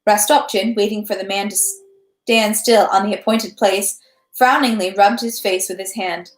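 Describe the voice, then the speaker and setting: A woman reads a classic novel aloud at home in a steady narrating voice, catching small slips as she goes. Her voice sits at a middle pitch. The room gives it a noticeable echo. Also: moderate pace. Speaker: reader. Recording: roomy echo.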